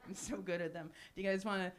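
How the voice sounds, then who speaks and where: A woman in her forties doing a live stand-up set with crowd work, deadpan and self-deprecating, with lots of ums and little laughs. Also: medium pitch, a little fast. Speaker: stand-up comedian. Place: small cafe stage with live audience. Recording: noisy live cafe recording.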